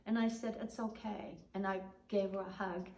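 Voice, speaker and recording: Older woman, oral history teller, conversational with quiet trailing ends; roomy echoey recording. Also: medium pitch, level tone, brisk. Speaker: storyteller. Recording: roomy echo.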